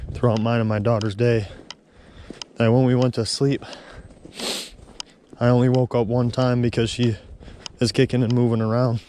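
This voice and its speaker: A man in his thirties talks through his day while walking a trail outside. His voice is mellow and warm, and he tells the story in a heartfelt, rambling way. Faint outdoor noise sits behind him. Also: medium pitch. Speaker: vlogger. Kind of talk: casual walking vlog. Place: outdoors on a snowy trail walk.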